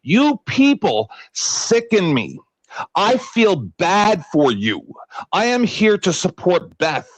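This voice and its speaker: A man's voice: high-pitched, big pitch swings, slow, dry recording, poor audio. An older retired man ranting angrily at a stream panel, swearing and hurling insults. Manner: shouting insults, swearing constantly. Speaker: debate panelist. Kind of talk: angry profane rant.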